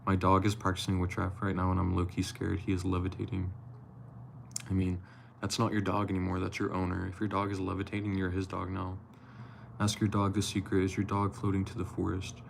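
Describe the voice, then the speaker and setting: A man's voice: low voice, monotone, brisk, gravelly, slight background noise. A man reading a novel aloud on a live stream, chatting loosely with viewers, swearing casually and slipping over words.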